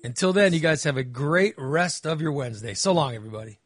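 A man's voice: a little high, animated, fast talker, slightly rough. A man co-hosting a casual comedic podcast, telling stories animatedly and acting out his own reactions. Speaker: podcast co-host.

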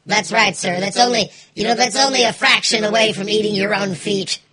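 A man's voice: high-pitched, steady tone, a little fast, pitched above the performer's own voice. A man voicing a tiny mischievous imp who gleefully eggs on overeating. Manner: gleeful, egging on, grows shouty. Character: tiny mischievous male imp urging gluttony.

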